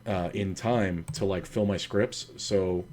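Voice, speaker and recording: A man with a fairly low voice streams himself playing online poker, recorded on a desk mic. He talks to himself casually about his hands, curses freely and wanders into stories between decisions. A faint hiss sits under his voice. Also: fairly even intonation, slow pace, a little mellow. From United States.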